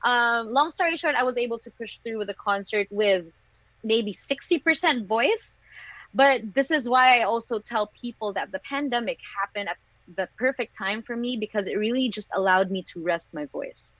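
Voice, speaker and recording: A woman's voice: fairly high pitch, normal speed, a bit bright, no room sound, low-quality recording. A young woman from the Philippines, a singer chatting candidly as an interview guest and laughing often between thoughts. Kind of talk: casual interview chat.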